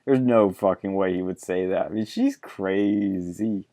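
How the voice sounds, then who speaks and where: A man's voice: deep voice, measured pace, dark tone. A man hosting a podcast, blunt and profane in casual political chat, laughing often. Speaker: podcast host.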